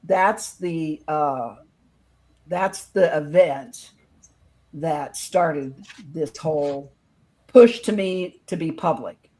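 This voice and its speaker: A woman's voice: deep voice, drawn-out words. Woman telling a story in earnest. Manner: earnest, quotes others in lively voices. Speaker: guest telling her own experience. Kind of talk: casual storytelling on a video podcast.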